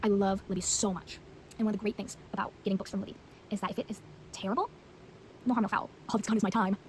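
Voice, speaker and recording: Fast-talking teen girl, rambling. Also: mid-range voice, fairly even intonation, a little hiss or hum, rough recording. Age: teens. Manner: rambling, filler-heavy, blunt. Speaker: vlogger. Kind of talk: casual book review chat.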